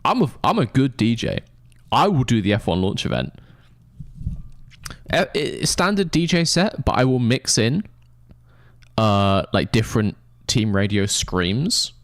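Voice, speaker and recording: A man's voice: mid-range voice, big pitch swings, a little slow, pauses often, no echo, studio quality. Sweary young Englishman chatting on stream. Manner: rambling, sweary, mock-indignant banter. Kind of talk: casual live-stream chat to viewers.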